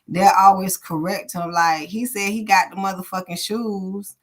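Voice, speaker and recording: A woman's voice: mid-range voice, moderate pace. Blunt, profane woman reading tarot live. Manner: blunt, profane, animated, chatty with viewers. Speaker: tarot reader. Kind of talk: live-streamed tarot reading, casual talk to chat.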